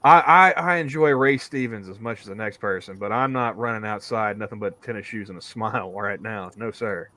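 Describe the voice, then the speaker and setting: A man's voice: lowish voice, a little fast, few pauses, bright, forceful tone, no echo. A man co-hosting a podcast, rambling casually, repeating his words and laughing often. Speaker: podcast co-host. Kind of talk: casual chat.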